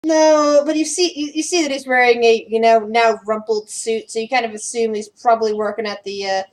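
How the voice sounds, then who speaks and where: A woman's voice: fairly high pitch, steady tone, fairly quick. A woman running a tabletop game as game master, often restarting her words and giggling.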